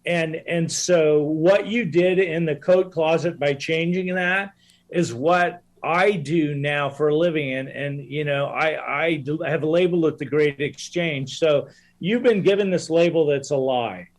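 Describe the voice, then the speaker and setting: Man, podcast guest, earnest and reflective, fairly high pitch, coach. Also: a little slow. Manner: earnest, reflective, with frequent restarts. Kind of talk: casual conversation.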